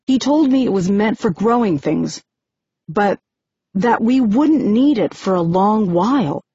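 A woman narrating a novel in the first person, steady and measured, on a dry, muffled recording. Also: fairly low pitch, husky, no echo. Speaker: audiobook narrator.

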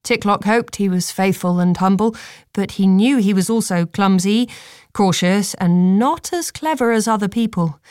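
A woman narrating a fantasy audiobook in a measured, even manner. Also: mid-range voice, clear, resonant tone, no room sound, studio quality.

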